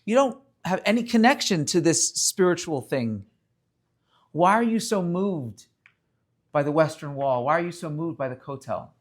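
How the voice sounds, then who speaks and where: A man's voice: on the high side, lively intonation, normal speed, lightly acted. Man doing a puzzled young soldier. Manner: earnest questioning. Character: young male secular soldier, puzzled friend.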